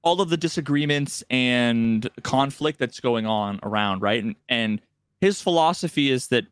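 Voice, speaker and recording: Animated man telling a gaming story. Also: mid-range voice, moderate pace, smooth, dry recording, clean studio sound. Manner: animated storyteller, acts out game dialogue in raised voices. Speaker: podcast co-host. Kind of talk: casual gaming podcast chat.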